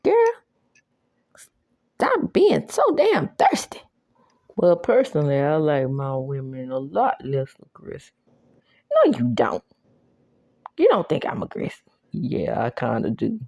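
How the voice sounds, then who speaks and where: A woman's voice: deep voice, huge pitch swings, measured pace, pauses often, darkish tone, no echo, clean studio sound. Sassy woman recapping a show. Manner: sassy, laughs often, acts out the characters' lines in a mocking voice. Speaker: recap host. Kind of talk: casual show recap with reactions.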